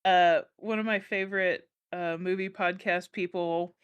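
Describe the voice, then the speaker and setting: Smooth, dry-sounding young woman chatting. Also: on the low side, fairly even intonation, a little slow, no room sound. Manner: laughs often, easygoing. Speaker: podcast co-host. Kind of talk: casual chat.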